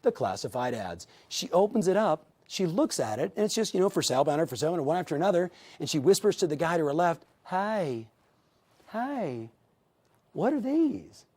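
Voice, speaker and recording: A man with a somewhat high voice leads a real estate sales lesson. He tells stories and acts out the people in them, addressing the viewers directly as he coaches them. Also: expressive, quick pace, few pauses, a little mellow. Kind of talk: motivational training talk.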